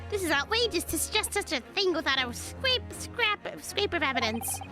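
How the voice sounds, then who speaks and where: A woman's voice: very high voice, big pitch swings, normal speed, pitched above the performer's own voice. A woman voicing a pompous, blustering male prosecutor in a game playthrough, with game music behind. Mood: indignant. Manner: huffy, indignant.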